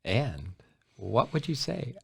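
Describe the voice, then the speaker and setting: A man's voice: medium pitch, very animated, slow pace, vocal fry, fairly bright tone, husky, no echo, clean studio sound. A middle-aged man with a Chicago accent, co-hosting a casual wine chat and joking as he goes. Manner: joking, laughing asides. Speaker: co-host.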